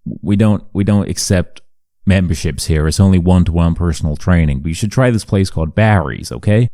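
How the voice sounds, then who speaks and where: A man's voice: low-pitched, brisk, mellow, no echo, clean studio sound. A man with a put-on Canadian accent voicing a laid-back, friendly male gym worker who keeps saying dude, while walking outdoors. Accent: Canadian put-on attempt. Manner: easygoing, says dude a lot.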